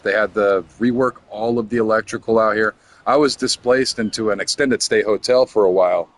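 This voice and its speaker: A middle-aged man from Florida telling a story in a casual, rambling way, often stumbling and repeating words. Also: medium pitch.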